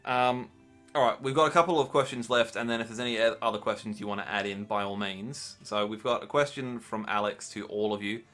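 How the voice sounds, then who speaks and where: A man's voice: lowish voice, a little fast, a bit bright, faint music behind. A man acting as game master, chatting casually about the campaign with frequent ums.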